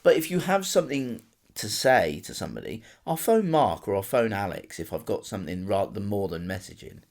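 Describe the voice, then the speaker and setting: A man's voice: fairly low pitch, sing-song, brisk, vocal fry, a little mellow. A middle-aged man, co-hosting a podcast in dry, plain-spoken, grumbling chat. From England. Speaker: podcast co-host. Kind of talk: casual chat.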